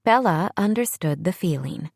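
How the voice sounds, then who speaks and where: A woman narrating a romance audiobook in a measured storytelling manner on a close studio microphone. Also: on the low side, animated, creaky, a little mellow, dry recording. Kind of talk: scripted narration.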